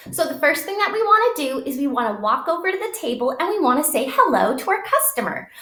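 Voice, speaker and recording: A woman leading a lesson for small children, drawing out her words in a slow, exaggerated way. Her voice is fairly high and swoops widely in a sing-song manner. The sound comes from an echoey room. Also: fairly bright tone. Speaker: preschool teacher. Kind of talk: children's lesson with make-believe play.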